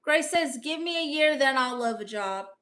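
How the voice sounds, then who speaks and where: A woman's voice: sits high, lively intonation, moderate pace, sharp tone. A young woman live-streaming, reading viewer comments aloud and firing back sassy, brash comebacks.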